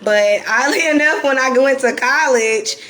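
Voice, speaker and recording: A woman from North Carolina with a Southern accent and a raspy, croaky voice, talking candidly and deliberately to viewers on a live stream. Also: high voice, a bit bright. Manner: reflective and candid, slowed deliberate delivery. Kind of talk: casual live-stream talk.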